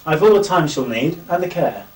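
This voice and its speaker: An actor playing a self-assured suitor who talks in a confident, dismissive way. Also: male voice, on the high side, expressive, a little fast, natural voice. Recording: distant, hissy VHS audio.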